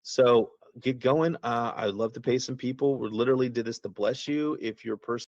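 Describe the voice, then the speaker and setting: An app founder, a man with a mid-range, brisk and slightly mellow voice, rambles through a casual screen-share walkthrough of his app on a video call. He's folksy and keeps interrupting himself. The recording is dry and the audio sounds dull.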